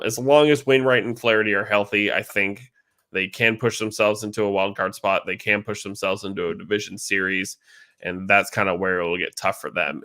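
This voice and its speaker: A man with a low, bright, forceful voice hosts a casual sports podcast. He rambles chattily, filling gaps with frequent ums. His tone stays loose and conversational. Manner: chatty, rambling, lots of fillers. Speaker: podcast host.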